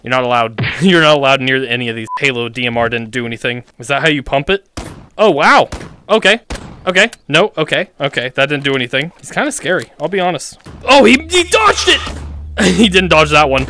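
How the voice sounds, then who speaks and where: A man's voice: mid-range voice, fairly quick, sharp tone, a little hiss or hum. A man hosting casual VR gameplay commentary, playful and giggly, teasing the game characters with frequent exclamations. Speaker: gaming channel host.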